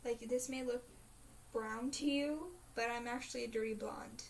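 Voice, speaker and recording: A woman's voice: fairly high pitch, steady tone, normal speed, vocal fry. A teenage girl chatting in a casual video diary, rambling and dramatic, full of fillers. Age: teens. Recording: faint hiss, mic a bit distant.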